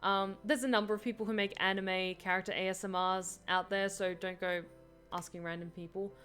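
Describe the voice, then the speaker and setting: A woman's voice: medium pitch, flat delivery, brisk, a bit bright, smooth, soft background music. A woman chatting casually on a live stream, answering viewer questions with lots of fillers and laughter.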